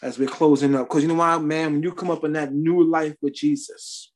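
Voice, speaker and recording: A man's voice: a little high, fairly even intonation, a little fast. A man preaching a sermon, sharing his testimony in a conversational style with emphatic rises.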